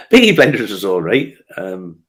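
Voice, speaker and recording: Hosting a laid-back whiskey news show, this man spins stories full of fillers and restarts, laughing often as he chats. His lowish voice has huge pitch swings and a fairly bright tone, and he talks a little slowly.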